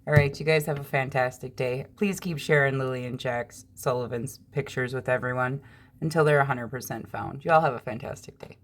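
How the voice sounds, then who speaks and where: A woman's voice: a bass voice, brisk. A woman reading tarot cards in a casual vlog, chatting in a rambling way with a dry sense of humor. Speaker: tarot reader.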